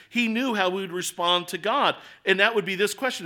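A man's voice: high voice, brisk, bright, forceful tone. A man with an American accent preaching a sermon in an earnest, conversational way, full of rhetorical questions. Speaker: pastor.

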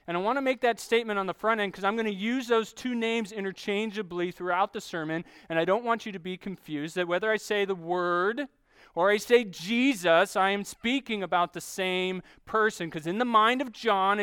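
A man preaching a sermon, teaching steadily and slowing down to stress key phrases. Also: high-pitched, pushed and bright, clean tone, no echo. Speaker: pastor.

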